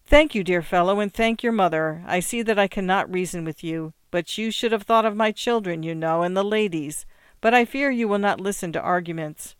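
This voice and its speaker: A storyteller voicing a fussy, flustered doctor who protests and insists, in a clear, smooth voice. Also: medium pitch, brisk, dry recording, close to an everyday voice. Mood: fretting. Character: flustered family-man doctor.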